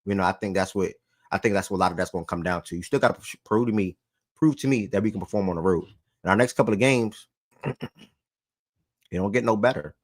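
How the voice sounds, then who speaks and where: A man's voice: lowish voice, fast talker, pauses often, no room sound. A man hosting a sports talk show in a loose, slangy way, repeating phrases for emphasis and getting worked up.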